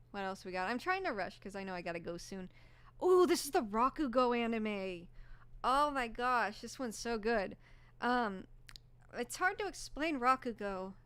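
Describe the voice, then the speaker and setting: A young woman chats casually on a live stream, rambling from one thought to the next with plenty of fillers. Her voice has gone a little hoarse, yet it stays smooth and clear at an average pitch. She gushes with bubbly enthusiasm. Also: fairly bright tone.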